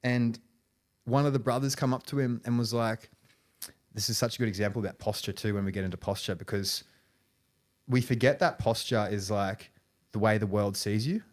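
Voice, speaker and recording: Low-voiced man telling a rambling story. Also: moderate pace. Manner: rambling, restarts mid-phrase, frequent "you know" and "right". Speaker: podcast guest. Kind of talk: casual storytelling in conversation.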